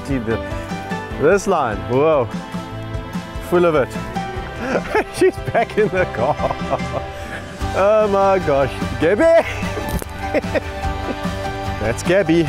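Man, wildlife host, excitable, laughing, calling out to animals, outdoors, slow delivery, faint music behind. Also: on the high side. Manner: excitable, laughs often, shouts to the lions. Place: outdoors in the bush on a walk with lions.

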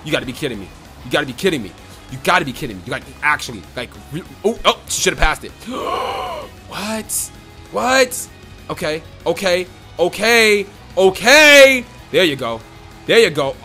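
A man giving excited, trash-talking commentary over his own football video game match, repeating his phrases. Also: on the high side, brisk, soft background music. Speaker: gaming YouTuber. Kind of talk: live gameplay commentary.

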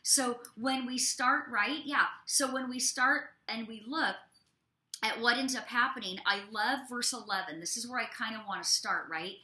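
A woman preaches and teaches from scripture with lively, expressive delivery and casual asides to her audience. Her voice sits a little high and rings bright. The room around her is echoey. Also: normal speed. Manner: expressive, talks straight to listeners with folksy asides. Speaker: prophet and co-host of a ministry show. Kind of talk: animated preaching and Bible teaching.

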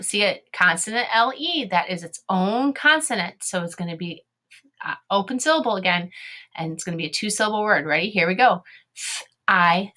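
A woman's voice: mid-range voice, pushed and bright, a little hiss or hum. A woman teaching a phonics video lesson, sounding out letters and syllables one by one and asking her young learners encouraging questions.

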